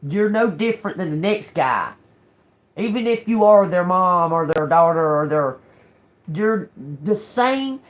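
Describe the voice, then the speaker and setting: A woman with a somewhat low voice reads tarot for her viewers in a loose, conversational way. She talks bluntly and with emphasis, curses freely and keeps asking "okay?" to make sure the point lands. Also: expressive, a little slow. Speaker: tarot reader. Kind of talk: casual tarot reading to viewers.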